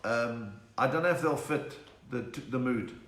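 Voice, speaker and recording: Chatty South African comedian, echoey room. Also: male voice, medium pitch, measured pace, a bit bright. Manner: chatty, punning, reads out viewer names. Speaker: comedian hosting a live stream. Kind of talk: casual joke-telling live stream.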